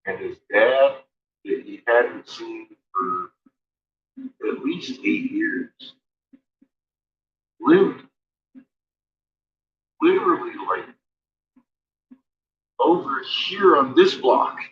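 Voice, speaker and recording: A man of ordinary pitch spins loose, swear-filled stories in a relaxed chat, often breaking into laughter. The sound is muffled and lo-fi, like cheap stream audio. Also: very slow, long pauses, crowd noise. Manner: heavy swearing, laughs between remarks. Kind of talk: rambling casual storytelling.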